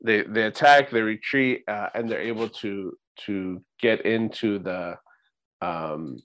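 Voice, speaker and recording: Low-voiced man recapping a movie. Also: slow, a bit bright, dull audio. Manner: recaps scenes step by step, often checking in with "right?". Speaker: podcast co-host. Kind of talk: casual movie rewatch chat.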